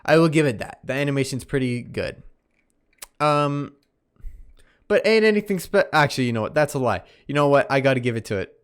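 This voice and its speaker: A man's voice: mid-range voice, a little fast, clean tone. A young man talks through a casual solo podcast review in a loose, meandering way, often stopping to correct himself. He sounds tired and keeps yawning between points. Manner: rambling, self-correcting, easily distracted, yawning. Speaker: podcast host reviewing anime.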